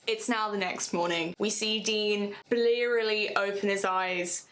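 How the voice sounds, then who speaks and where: A woman casually retelling a fan story, chatty and animated, swearing freely as she goes. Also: medium pitch, unhurried, a little hiss or hum, poor audio.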